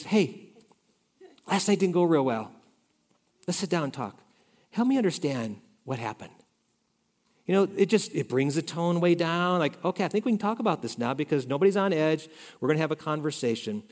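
A male pastor preaching a conversational sermon, shifting between loud emphasis and soft asides. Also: on the high side. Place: church sanctuary. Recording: reverberant hall.

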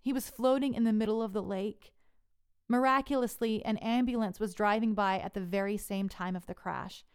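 Smooth-voiced woman telling her story. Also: mid-range voice, steady tone. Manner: earnest, measured narration. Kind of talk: personal storytelling.

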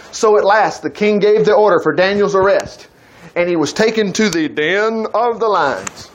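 A man's voice: high-pitched, normal speed, poor audio. A man preaching a folksy sermon, retelling scripture in everyday talk.

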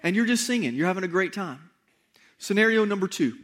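A man with a notably high voice preaching to his congregation. He talks to them directly and conversationally, repeats key points for emphasis and throws in rhetorical questions. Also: expressive, brisk, a bit bright. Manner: emphatic repetition. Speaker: pastor. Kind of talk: sermon.

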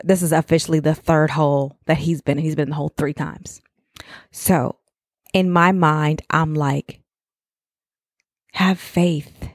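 A woman's voice: low-pitched, darkish tone, dry recording, studio quality. A middle-aged woman, a mother, giving a casual motivational talk to other mothers, rambling and conversational and often checking in with the listener.

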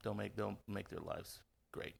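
Man, low gravelly voice, husky, coach, casual interview, storyteller with fillers and restarts. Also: unhurried. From Indiana. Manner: animated storyteller, acts out quoted voices, many fillers and restarts. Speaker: guest, football coach.

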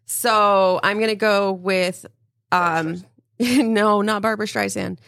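A woman's voice: medium pitch, lively intonation, slow, fairly bright tone, dry recording, studio quality. A woman chatting casually as a podcast guest, enthusiastic and swearing freely. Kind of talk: casual chat.

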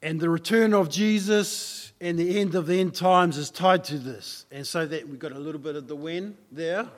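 Preaching in a church hall, this pastor tells a story conversationally and keeps challenging listeners with repeated rhetorical questions. His voice is fairly high and moves at a normal speed, with long hall reverb in the recording.

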